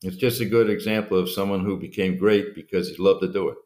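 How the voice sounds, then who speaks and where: A man's voice: deep voice, fast, a little mellow. A man co-hosting a podcast, talking in a casual, reflective way. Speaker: podcast co-host. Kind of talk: casual chat.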